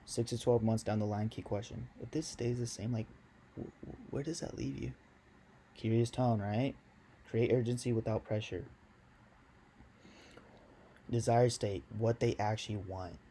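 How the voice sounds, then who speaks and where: A man's voice: lowish voice, fairly even intonation, moderate pace, long pauses, mellow, a little hiss or hum. A young man giving a casual video lesson on sales, slangy, loose and chatty, talking straight to his viewers. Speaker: sales coach.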